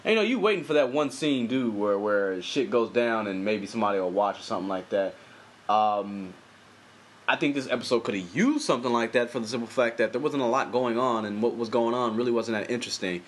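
A man's voice: mid-range voice, brisk. A young man casually recapping a TV episode in loose, profane, rambling commentary full of slang. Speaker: TV episode reviewer.

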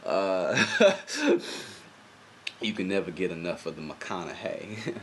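A man voicing a creepy, lecherous male cop in a slow, low, hushed drawl, as a celebrity impression. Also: a little hiss or hum. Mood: smug drawl.

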